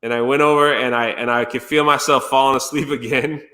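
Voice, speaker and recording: Animated, bright-voiced man telling stories. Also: medium pitch, brisk. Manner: animated, laughing, acts out quotes. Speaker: streamer. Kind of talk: casual storytelling. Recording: roomy echo.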